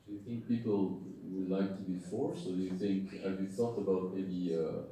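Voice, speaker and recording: A man's voice: low-pitched, fairly even intonation, moderate pace, mellow. A man on the jury asking presenters probing questions, hesitating as he phrases them. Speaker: pitch jury member. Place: event hall. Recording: echoey hall, distant mic, faint noise.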